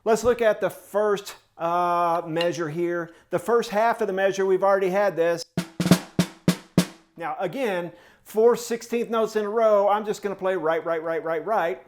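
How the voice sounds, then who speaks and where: A male snare drum teacher with a voice pitched a little above the usual for a man. He walks students through the music beat by beat, scatting the rhythms and counting them in with an encouraging, coaching manner. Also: steady tone, a little slow. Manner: sings drum rhythms in syllables and counts off tempos. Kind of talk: step-by-step music tutorial.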